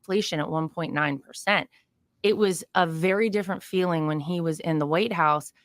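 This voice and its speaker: A woman answering interview questions with steady, assertive talking points. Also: lowish voice, normal speed, dry recording. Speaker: interview guest.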